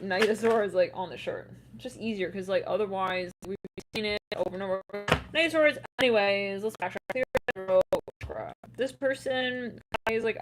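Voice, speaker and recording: A woman giving a casual tarot reading, chatty and quick to laugh, with loose swearing. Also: medium pitch, background noise. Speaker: tarot reader.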